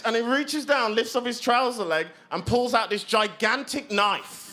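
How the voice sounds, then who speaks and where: Comic hosting stand-up, chatty and self-mocking, high-pitched, recorded live in a reverberant space. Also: male voice, brisk, few pauses, a loud crowd, very noisy. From Black Country, England. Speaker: comedy show host. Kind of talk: stand-up comedy.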